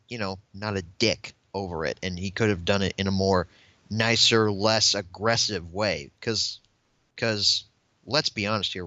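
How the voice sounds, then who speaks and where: Bright-voiced opinionated young man. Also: fairly low pitch, dry recording. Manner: opinionated, ranting. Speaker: podcast guest. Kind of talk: casual chat. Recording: dull, lo-fi dry sound.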